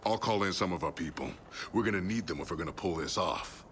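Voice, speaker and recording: A calm, steady country pastor. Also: male voice, low voice, quick pace. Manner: calm, firm, practical. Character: steady rural pastor, middle-aged, resistance ally. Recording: clear ambient noise behind.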